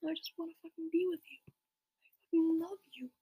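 A young woman reading the lines of a moody, lovesick goth teen boy in a soft whisper, as whispered role-play. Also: very high voice, fairly quick, low-quality recording. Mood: pleading.

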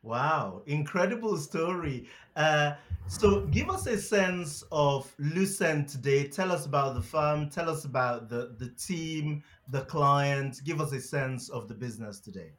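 A man hosts an interview with eager, chatty energy, often tripping over his own restarts. His voice sits a bit higher than most men's. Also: expressive, measured pace, hardly any pauses, a bit bright. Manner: enthusiastic, with stammered restarts and fillers. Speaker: podcast host and interviewer. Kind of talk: conversational interview hosting.

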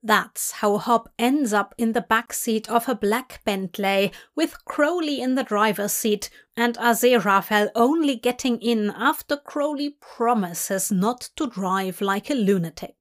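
A woman reading a story aloud in calm, measured narration. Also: on the high side. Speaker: fanfic reader.

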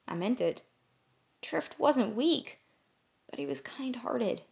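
A woman narrating a first-person fantasy audiobook in a measured, expressive way. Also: on the high side, gravelly.

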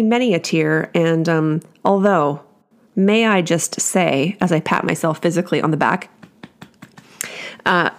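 A middle-aged woman hosting a casual solo podcast from home, chatty and self-deprecating, laughing often as she talks. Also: lowish voice. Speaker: podcast host.

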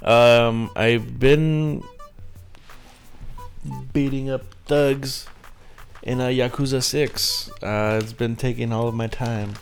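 A man's voice: mid-range voice, fairly even intonation, takes it slowly, faint music behind. A man co-hosting a casual podcast, joking crudely and teasing his friends. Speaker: podcast co-host. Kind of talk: casual chat.

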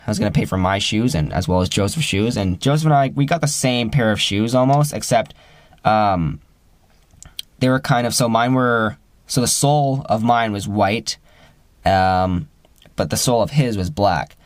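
A man's voice: moderate pace, no echo. Rambling young man telling a story. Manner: rambling, with many fillers and restarts; acts out quoted friends with rising pitch. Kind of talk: casual personal storytelling.

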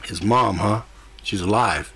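A man's voice: fairly low pitch, unhurried, pushed and bright, breathy edge, heavily acted. A man voicing a brash, crude male demon who talks in a cocky, flirtatious way. The reading is an audiobook character voice. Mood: probing.

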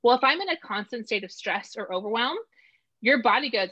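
Animated middle-aged mom, dry lo-fi sound. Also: female voice, a little high, brisk, slightly rough, dry recording. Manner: animated, acts out voices when quoting. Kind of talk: casual conversation. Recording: dull lo-fi sound.

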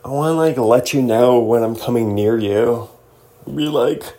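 A man's voice: mid-range voice, measured pace, warm tone. A man hosting a casual solo show, rambling and joking as he reads through a list, now and then slipping into silly mock voices. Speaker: podcast host.

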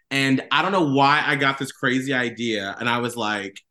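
A man in a casual interview, telling self-mocking stories in an animated way. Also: mid-range voice, normal speed, few pauses. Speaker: radio host guest.

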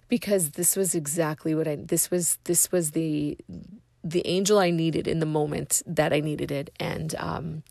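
Low, gravelly woman sharing a testimony. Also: darkish tone, no room sound, clean studio sound. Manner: earnest, halting, searching for words. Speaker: speaker sharing a personal story. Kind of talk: personal faith testimony.

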